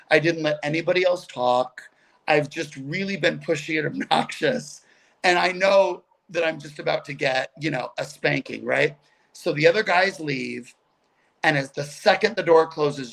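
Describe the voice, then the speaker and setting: A man's voice: fairly high pitch, vocal fry. A middle-aged man, a guest comedian, telling stories animatedly over a video call. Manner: animated, chatty, quick asides. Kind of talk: casual storytelling on a video call.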